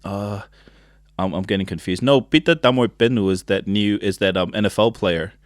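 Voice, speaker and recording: A man's voice: lowish voice, moderate pace, no echo, clean studio sound. A man hosting a podcast in a casual, joking chat, drinking beer as he talks. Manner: laid-back, joking, drinking beer while talking. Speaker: podcast host.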